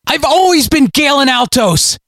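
A man's voice: medium pitch, normal speed, dry recording, lightly acted. Condemned prisoner in a storybook, a worn-out man pleading in confusion, read by a man, in a dry room. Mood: frantic shouting. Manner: bewildered, pleading, breaking into shouts.

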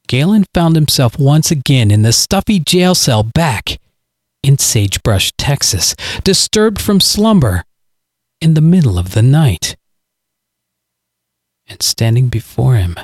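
Male storyteller, measured and dramatic, mid-pitched, dry booth sound. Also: a little mellow, dry recording. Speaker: narrator. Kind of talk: scripted story narration.

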